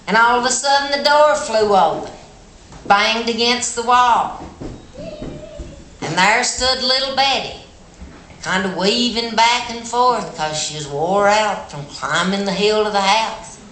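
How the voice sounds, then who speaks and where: A middle-aged woman with an Appalachian accent telling a tale live on a festival stage, folksy, animated and plainspoken. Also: fairly high pitch, slow. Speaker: storyteller. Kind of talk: live storytelling performance. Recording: echoey hall with background noise.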